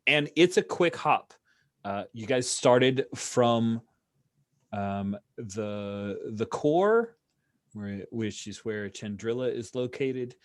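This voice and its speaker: A man running a tabletop role-playing game as game master, in a relaxed, chatty way with pauses. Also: medium pitch, dry recording, studio quality.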